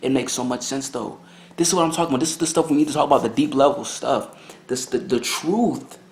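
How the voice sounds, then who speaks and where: Young man, mid-pitched voice, excitable, rambling, slangy, casual reaction host, echoey room. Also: quick pace. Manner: excitable, rambling, slangy, lots of "you know what I'm saying".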